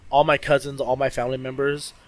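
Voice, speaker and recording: Casting note: young adult man, gaming streamer doing a casual Q&A, expressive and rambling, mid-range pitch. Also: quick pace, rough recording. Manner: expressive, rambling with many fillers and restarts. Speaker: streamer answering viewer questions.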